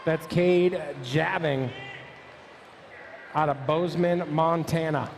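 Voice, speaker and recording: A man's voice: on the high side, steady tone, a little hiss or hum. A man announcing a live BMX race, rattling off rider names, numbers and nicknames as they hit the track. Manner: rapid-fire calling of rider names and numbers.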